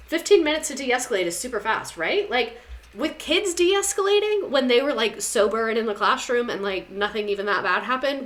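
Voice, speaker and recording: A woman's voice: on the high side, a bit bright. A young woman hosting a casual chat show, talking in a sarcastic, chatty way and repeating words for comic effect. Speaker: podcast host. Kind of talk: casual chat reading listener stories.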